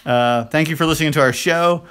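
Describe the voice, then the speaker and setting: On the high side, brisk, with a clear, resonant tone, this podcast co-host rambles through stories in relaxed conversation. He bursts into animated performances of lines he and others said.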